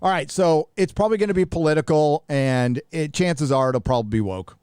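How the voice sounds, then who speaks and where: A man's voice: fairly high pitch, a little fast, darkish tone, clear, resonant tone, dry recording, clean studio sound. A middle-aged man from the United States hosting a live stream, talking bluntly and profanely in rambling casual commentary with many restarts.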